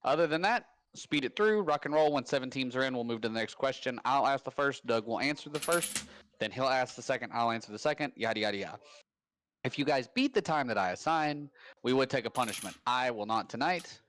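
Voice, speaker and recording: A man hosting a casual live-stream trivia game, rambling and upbeat with quick bursts of hype. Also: medium pitch, lively intonation, fairly bright tone, a little hiss or hum. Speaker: trivia host. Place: home.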